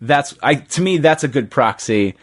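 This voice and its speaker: A man hosting a relaxed podcast conversation. He tells stories with energy and acts out the voices of the people he quotes. His voice sits at an ordinary middle pitch. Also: normal speed. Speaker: podcast host. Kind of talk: casual chat.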